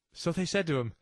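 A man teaching a Bible passage in a conversational, animated way, with delighted chuckling asides. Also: a little high, no room sound.

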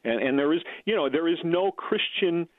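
A man discussing a Bible passage earnestly, halting and repeating words as he thinks. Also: fairly high pitch, animated, no echo. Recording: tinny phone-like line.

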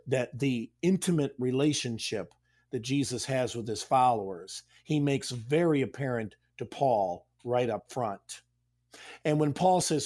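A man's voice: mid-range voice, darkish tone. A middle-aged man, a pastor hosting a Bible study, explaining a passage in an emphatic, conversational way with frequent restarts.

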